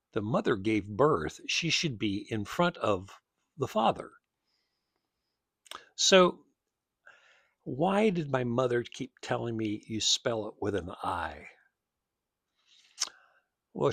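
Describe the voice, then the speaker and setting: A man's voice: mid-range voice, a bit bright, breathy edge, no room sound, clean studio sound. A man in his seventies, hosting his own show, tells rambling personal stories and acts out remembered dialogue. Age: 70s. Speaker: host. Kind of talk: personal storytelling monologue.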